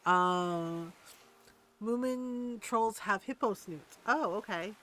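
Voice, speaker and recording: A woman's voice: mid-range voice, takes it slowly, a bit bright. Chatty woman streamer thinking aloud. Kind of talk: casual gameplay chat.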